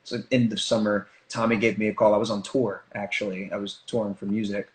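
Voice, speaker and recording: A man chatting as an interview guest, telling stories in an animated way with quick asides. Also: fairly low pitch. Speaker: guest, stage performer. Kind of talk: casual interview chat. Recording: echoey room.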